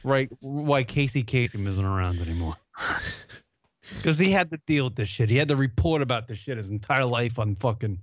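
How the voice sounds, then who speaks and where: A man's voice: mid-range voice, moderate pace, no echo. A man co-hosting a call-in internet radio show, ranting and swearing in casual banter. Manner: ranting, swears often, animated. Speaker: podcast co-host.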